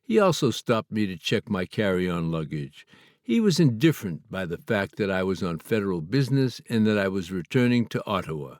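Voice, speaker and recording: Man, Canadian, memoir reading, measured, earnest, low pitch, dry close sound. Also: big pitch swings, dry recording. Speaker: author reading his memoir. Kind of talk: memoir audiobook narration.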